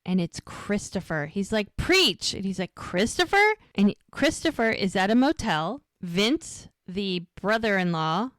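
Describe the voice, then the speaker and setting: A woman's voice: mid-range voice, a little slow, hardly any pauses, dry recording, studio quality. A woman co-hosting a podcast, recapping a TV episode in detail in a casual way. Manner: retells scenes in detail, acting out quoted lines. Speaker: podcast co-host.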